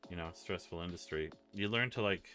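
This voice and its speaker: A man hosting a casual livestream, rambling and telling stories with quick voice impressions. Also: sits low, sharp tone, faint music behind. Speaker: livestream host.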